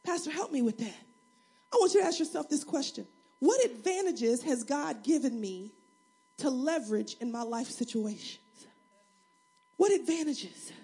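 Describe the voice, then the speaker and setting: A woman pastor preaching a sermon, acting out voices in her stories and building to shouts. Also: high-pitched, lively intonation, moderate pace, slightly rough.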